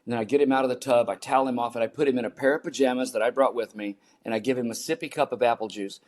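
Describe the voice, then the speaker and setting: A man's voice: mid-range voice, steady tone, racing, darkish tone. A man in his seventies, a podcast guest, earnestly telling a personal story and repeating key phrases for emphasis.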